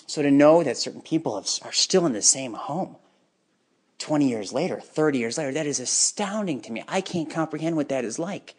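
A man telling his own life story in an unscripted personal monologue, bitter and emotionally charged, halting at times. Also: a little high, animated, breathy edge.

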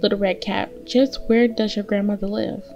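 A woman's voice: medium pitch, fairly even intonation, normal speed, darkish tone, muffled recording, soft background music, natural voice. A woman voicing a sly, wicked male wolf in a read-aloud fairy tale, sweet-talking his prey. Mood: coaxing.

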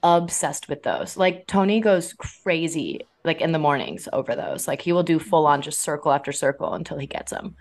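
A woman's voice: low voice, lively intonation, normal speed, few pauses. A young woman, a drummer, chatting casually as a podcast guest, with frequent laughs and restarts. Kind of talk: casual interview chat.

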